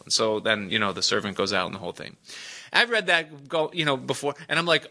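Bright-voiced conversational male preacher. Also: medium pitch, fairly even intonation, a little fast. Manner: conversational, chuckles often, tells jokes and stories. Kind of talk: sermon.

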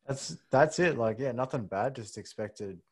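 A man's voice: medium pitch, lively intonation, a little slow, husky. A man co-hosting a podcast, chatting in an easygoing way with short remarks. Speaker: podcast co-host. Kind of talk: casual podcast chat.

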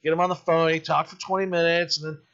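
A man who makes independent films, telling stories in casual podcast chat, animated and full of swearing. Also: fairly high pitch, quick pace, clean tone, lo-fi sound. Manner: profane, animated storytelling. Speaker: independent filmmaker.

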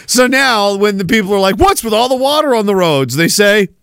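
Sarcastic, animated male podcast host. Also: high voice, brisk, vocal fry, clean tone, no room sound. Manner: sarcastic, animated, laughs often, swears. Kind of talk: casual livestream commentary reading chat.

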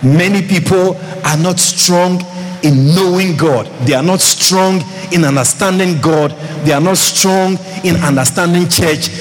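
A man's voice: high voice, unhurried. A man preaching a sermon as pastor, calling out to the congregation and repeating phrases for emphasis. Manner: lively preaching with calls to the congregation. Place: church hall. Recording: long hall reverb, faint ambience.

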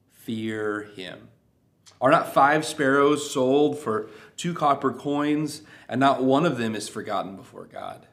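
Man preaching in a measured voice. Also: medium pitch, a bit bright. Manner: measured reading with falling phrase endings. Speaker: pastor. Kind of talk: sermon with scripture reading.

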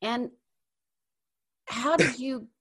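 A woman's voice: fairly high pitch, extremely slow, breathy edge. A woman interviewer asking curious questions.

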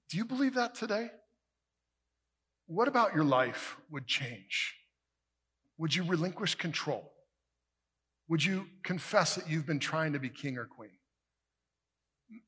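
A male pastor preaching a sermon emphatically, building to forceful peaks and dropping to hushed line endings. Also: a little high, slightly rough. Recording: long reverb of a large hall.

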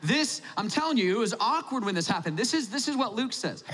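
A man's voice: extremely high pitch, big pitch swings, fairly quick, fairly bright tone. A man preaching a sermon, telling the story in a conversational, humorous way. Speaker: pastor. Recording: long hall reverb.

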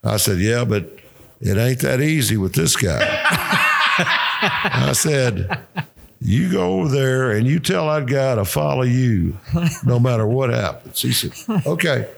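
An older man with a drawl tells rambling coaching stories, salted with swearing and his own laughter. His voice is gravelly and sits at an ordinary pitch. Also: expressive, slow pace, pauses often, a bit bright, slight background noise. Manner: profane, laughing anecdotes. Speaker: retired football coach, guest. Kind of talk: casual storytelling.

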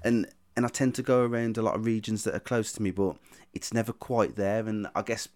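A man's voice: lowish voice, steady tone, a little fast, darkish tone. A man from the UK hosting a casual podcast, talking hesitantly with many stammers and restarts. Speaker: podcast host.

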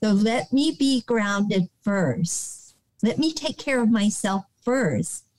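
With a medium-pitched voice, an older American woman gives calm, gentle advice as a guest on a podcast, where she is introduced as a nonprofit director. She talks slowly and soothingly, restarts often, leans on "you know", and sometimes whispers softly. The recording is dry and rough.

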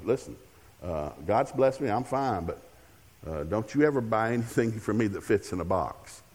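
An older man, guest-preaching in a church sanctuary, tells humorous family stories in his sermon and acts out the dialogue. His voice is on the low side and slightly rough, echoing in a large hall.

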